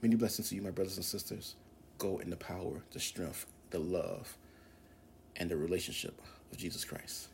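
A man's voice: deep voice, normal speed, creaky, slight background noise. A man preaching and praying fervently to his listeners, impassioned, repeating phrases and dropping into whispers at times. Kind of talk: fervent spoken prayer and exhortation.

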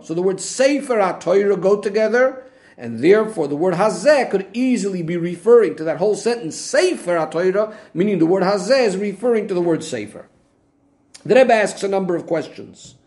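Brief: male Torah teacher, high voice, methodical explainer. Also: darkish tone. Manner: methodical, restates points with Hebrew terms. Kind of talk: explaining a Rashi commentary.

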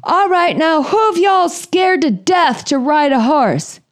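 A woman's voice: high-pitched, lively intonation, slow, voice pushed up. A woman doing a drawling cowboy wrangler. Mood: bossy. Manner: folksy, bossy drawl. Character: drawling male cowboy wrangler giving orders.

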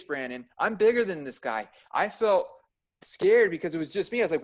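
On a podcast, a male ER nurse spins animated anecdotes in a chatty style heavy with filler words. His brisk voice shoots up in pitch and volume when he gets fired up.

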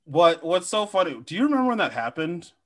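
A man's voice: high-pitched, big pitch swings, a little fast, a bit bright, slight background noise. A man co-hosting a podcast in casual chat, joking and slipping into silly impressions. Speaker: podcast co-host.

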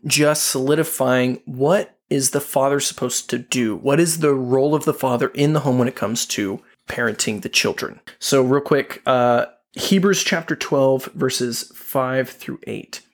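A man hosting a casual Christian podcast, affirming his co-host and reading scripture slowly and deliberately. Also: medium pitch.

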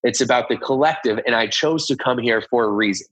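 A man's voice: medium pitch, brisk, fairly bright tone, breathy edge, no room sound, lo-fi sound. A man earnestly recounting a personal experience in casual storytelling, acting out conversations as he goes. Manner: earnest, reenacts conversations with "I was like". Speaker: guest telling a personal story.

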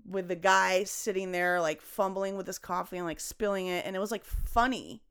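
A young adult woman, a comedian, talking casually on a podcast in a rambling, expressive way, swearing and laughing often. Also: on the low side, normal speed, clean tone. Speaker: guest comedian.

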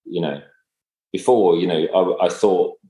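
A man in casual conversation, speaking in a halting, reflective way with many fillers and restarts. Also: deep voice, warm tone. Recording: echoey room.

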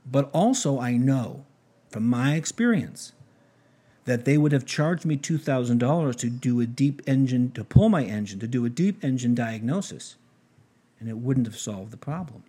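A man's voice: mid-range voice, moderate pace, slightly rough. A man hosting a podcast, telling a story animatedly and acting out the dialogue, often restarting his sentences. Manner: animated retelling with quoted dialogue, frequent restarts. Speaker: podcast host. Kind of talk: storytelling monologue.

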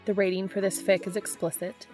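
A woman reading fan fiction aloud as an audiobook narrator, with a steady, even delivery. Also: medium pitch, brisk, faint music behind. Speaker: podfic reader.

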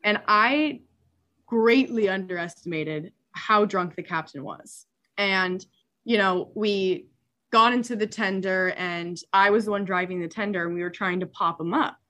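Animated young woman telling a wild story. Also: medium pitch, measured pace. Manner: animated, laughing, lots of "like" fillers. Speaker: superyacht stewardess, guest. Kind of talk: casual storytelling chat.

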